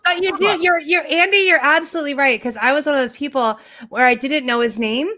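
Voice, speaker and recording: Over a video call, a middle-aged woman with a voice that sits high delivers a brisk, sarcastic stand-up set on a dry recording. Her storytelling is animated, and she mocks people through impressions.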